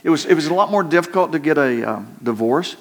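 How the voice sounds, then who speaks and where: A man's voice: a little high, lively intonation, gravelly. Older man preaching an earnest sermon. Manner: earnest, slows down to stress points, repeats words. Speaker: pastor.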